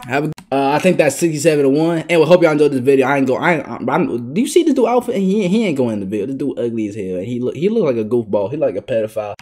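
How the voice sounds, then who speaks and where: A young man doing live gameplay commentary, brash and trash-talking, bursting into excited yelling. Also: mid-range voice, quick pace, hardly any pauses. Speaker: gaming YouTuber.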